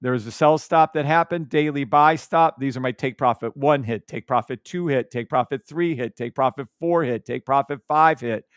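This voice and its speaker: Smooth-voiced, hyped male trading streamer. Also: mid-range voice, normal speed, few pauses, no echo, clean studio sound. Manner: hyped, teasing, hums and chats with viewers. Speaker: trading live-stream host. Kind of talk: casual live-stream chart talk.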